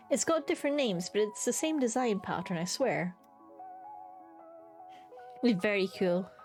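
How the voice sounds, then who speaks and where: A woman's voice: mid-range voice, darkish tone. A young woman streaming from home, chatting casually and enthusiastically as she ranks creatures, with casual swearing. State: hiccups. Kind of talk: casual live-stream commentary.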